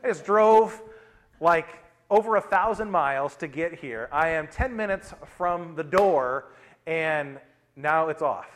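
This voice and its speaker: A middle-aged man, a pastor, preaching a sermon in a conversational way, mixing personal stories with scripture and shifting his loudness often. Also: a little high, slow.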